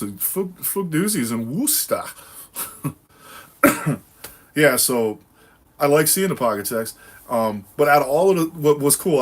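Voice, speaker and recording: A man from New England hosting a casual livestream, chatting with viewers in a laid-back, profane, rambling way with lots of fillers and laughter. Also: medium pitch. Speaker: livestream host. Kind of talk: casual livestream chat answering viewer comments.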